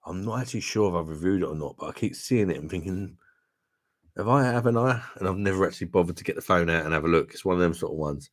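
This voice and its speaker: Tipsy deep-voiced man, chatting. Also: expressive, fast talker. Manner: swearing, laughing, says "mate" a lot. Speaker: livestream host reading viewer comments. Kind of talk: casual chat.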